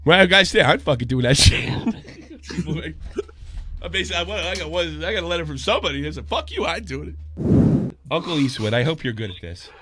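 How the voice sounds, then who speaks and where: A man in his forties hosting a podcast, telling a story and ranting with constant swearing, dropping low and then shouting. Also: lively intonation, fairly quick, husky. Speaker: podcast host. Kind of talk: profane commentary rant.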